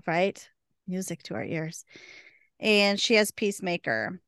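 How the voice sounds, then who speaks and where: A woman at mid pitch with a creaky, gravelly edge to her voice. She co-hosts a podcast and recaps an episode in an eager, chatty way, full of "like" and "right?". The sound is close and dry, with no room around it. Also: big pitch swings, a little slow, fairly bright tone, no room sound. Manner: enthusiastic, retelling scenes with many fillers. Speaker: podcast co-host. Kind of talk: casual episode recap chat.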